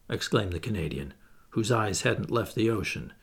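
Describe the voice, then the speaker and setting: A male audiobook narrator reading with lots of expression. His voice is gravelly, and it swings widely in pitch from line to line. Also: expressive, normal speed. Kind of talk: scripted narration.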